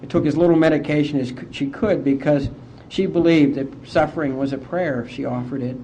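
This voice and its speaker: Mellow-voiced man telling a heartfelt story. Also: fairly high pitch, steady tone, brisk, slight background noise. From West Virginia, US. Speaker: AA speaker. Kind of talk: personal recovery story told to a conference. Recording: dull lo-fi conference tape.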